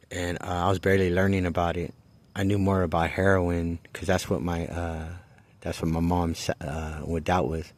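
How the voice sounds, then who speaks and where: A middle-aged man telling a personal story in a casual, rambling way, halting often and swearing freely. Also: low voice, dry recording.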